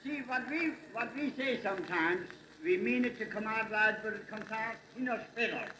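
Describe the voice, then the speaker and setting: A man with a Pennsylvania Dutch accent giving a live dialect comedy monologue with folksy, deadpan storytelling. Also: sits high, normal speed. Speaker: dialect humorist. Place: hall with a live audience. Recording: echoey 1962 live hall recording with hiss.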